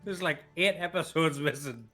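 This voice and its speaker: A man's voice: fairly high pitch, normal speed, bright, forceful tone, faint music behind. A man, a player on a tabletop game stream, teasing and mumbling in casual chat with some swearing.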